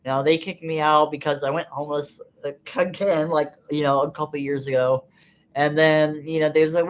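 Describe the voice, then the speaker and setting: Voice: mid-range voice, steady tone, normal speed, a little hiss or hum. Vlogger, casual monologue, angry and profane, rambling delivery with lots of fillers. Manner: frustrated, bitter venting. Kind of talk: unscripted personal monologue.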